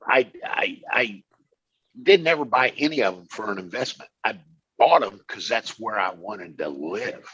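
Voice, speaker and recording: A man's voice: fairly low pitch, animated, measured pace, fairly bright tone, husky. A middle-aged man co-hosting a podcast, talking in a blunt, profane way and often restarting his sentences. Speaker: podcast co-host. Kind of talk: casual chat. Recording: slightly dull lo-fi sound.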